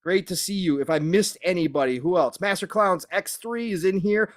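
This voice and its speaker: A man's voice: sits high, normal speed, hardly any pauses. A man hosting a live podcast, upbeat, greeting viewers and laughing easily. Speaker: podcast host. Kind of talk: live-stream podcast chat.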